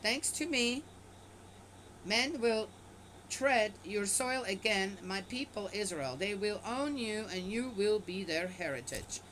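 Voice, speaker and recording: A woman at an ordinary middle pitch reads scripture aloud, then breaks off to pick it apart in casual asides. Her tone is skeptical and offhand. A faint noise hangs in the background. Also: animated, slow pace, fairly bright tone, poor audio. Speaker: bible reader and commentator. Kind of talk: casual scripture reading with commentary.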